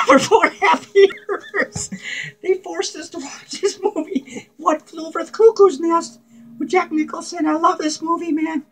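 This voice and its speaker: Super high-pitched crazy clown, cackles and swears nonstop, giddy comedy vlog bit. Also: male voice, a bit bright, low-quality recording. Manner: cackling, profane, giddy rambling. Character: manic, unhinged male clown, giddy and crude. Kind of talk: comedic character vlog monologue.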